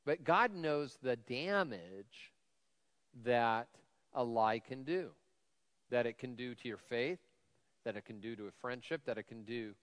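A man preaches a casual, joking sermon in a reverberant church hall. His voice is a bit whiny yet smooth and resonant, and he keeps the talk loose with fillers and jokes at his own expense. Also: mid-range voice, fairly bright tone. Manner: self-deprecating humor, frequent fillers. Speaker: lead pastor. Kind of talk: conversational sermon. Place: church sanctuary.

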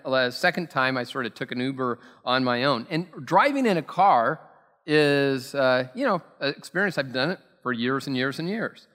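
A man's voice: medium pitch, bright, forceful tone. A man preaching a sermon as pastor, telling stories in a chatty, self-deprecating way with plenty of fillers. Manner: conversational, self-deprecating storytelling with many fillers. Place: church sanctuary. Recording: long reverb from a church hall.

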